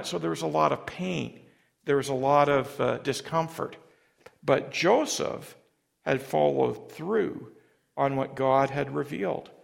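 A man preaching a sermon in a halting way, often repeating words as he starts a phrase. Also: a little high, gravelly. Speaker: pastor.

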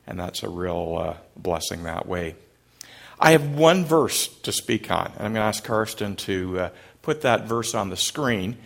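A man's voice: fairly low pitch, gravelly. A man preaching a sermon to a congregation, in a conversational way with frequent "uh" fillers, questions to the room and light jokes. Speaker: pastor. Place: church service before a congregation.

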